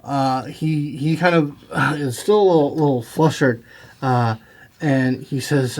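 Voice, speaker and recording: A man narrating as game master in a tabletop game, halting and full of fillers. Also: medium pitch, a little mellow. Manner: halting, lots of fillers and restarts.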